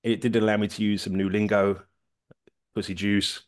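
A man co-hosting a podcast, talking in halting, bawdy casual chat. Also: fairly low pitch, level tone. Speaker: podcast co-host, story writer.

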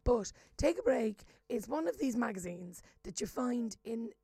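Woman, podcast co-host, hoarse and hungover, animated; slightly higher pitch, dry mic. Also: measured pace, no room sound. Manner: animated, self-deprecating, jumps between whispering and loud exclamations. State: hoarse from karaoke screaming. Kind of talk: casual chat.

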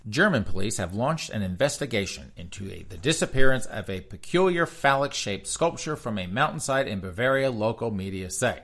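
A man's voice: lowish voice, expressive, a little fast, hardly any pauses, pushed and bright. A man hosting comedic news commentary with a sarcastic, mocking delivery and frequent laughter. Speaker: host.

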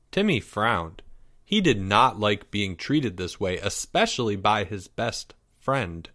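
A man narrating a children's storybook at a slow, unhurried pace, with a mid-range voice. His delivery is measured and expressive. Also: mid-range voice. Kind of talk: storybook read-aloud.

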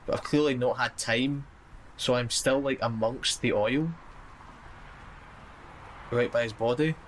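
A man's voice: mid-range voice, fairly even intonation, unhurried, a little hiss or hum, rough recording. A man playing a tabletop game, thinking aloud in a hesitant way. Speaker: player. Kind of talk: casual tabletop play.

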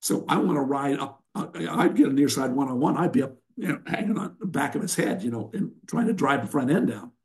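A man's voice: medium pitch, lively intonation, brisk, few pauses. An older man, a wrestling coach and guest, giving blunt, emphatic instruction and telling sarcastic stories in an interview.

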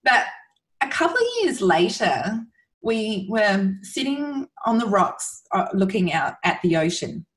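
Husky-voiced woman, earnest and heartfelt. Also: medium pitch, very animated, measured pace. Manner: earnest and heartfelt, many fillers and restarts. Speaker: guest, mother sharing her son's recovery. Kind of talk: emotional podcast conversation.

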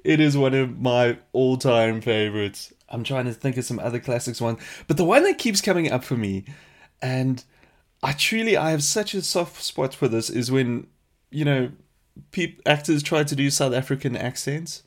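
A man hosting a casual question-and-answer podcast, chatty and animated, laughing often. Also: mid-range voice, normal speed. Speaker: podcast host.

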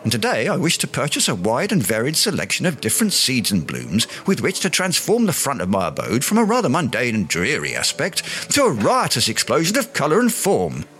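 A man's voice: medium pitch, wildly swooping pitch, a little fast, hardly any pauses, a bit bright, faint music behind. An actor playing a pompous, self-important Englishman in a radio sitcom, speaking in flowery words. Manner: grandiloquent, long-winded, flowery words.

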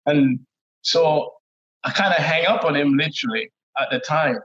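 A middle-aged man with a Trinidadian accent, telling stories as a guest in a relaxed, laid-back way, often laughing. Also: fairly high pitch, moderate pace. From Trinidad and Tobago. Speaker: guest, former footballer. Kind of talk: casual interview storytelling. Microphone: remote call audio. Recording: dull lo-fi call audio.

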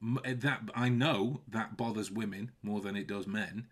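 A man's voice: lowish voice, fairly even intonation, moderate pace. A man hosting a casual podcast chat, often restarting and repeating words and breaking into laughs. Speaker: podcast host.

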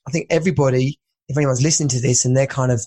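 A man's voice: mid-range voice, steady tone, racing, warm tone, breathy edge. A man hosting a podcast, chatting casually and rambling as he searches for words. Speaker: podcast host. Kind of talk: casual interview chat.

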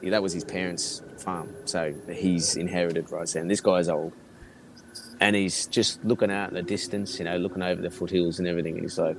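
An Australian man telling a rambling, animated campfire-style story, swearing freely and laughing between lines. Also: deep voice, fairly quick, vocal fry, a little hiss or hum. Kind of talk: casual storytelling.

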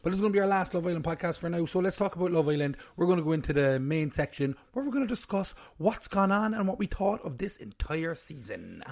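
A man's voice: on the high side, expressive, fast talker, hardly any pauses, a little mellow. A man co-hosting a casual podcast from home, chatty and teasing. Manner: teasing, chatty, bursts into put-on hype. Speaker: podcast co-host. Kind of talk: casual chat.

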